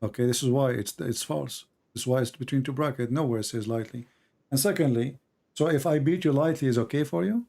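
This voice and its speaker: Male debate host on a live stream, mid-pitched, combative, hammers questions and reads quotes deliberately. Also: vocal fry, warm tone. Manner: argumentative, presses with repeated questions.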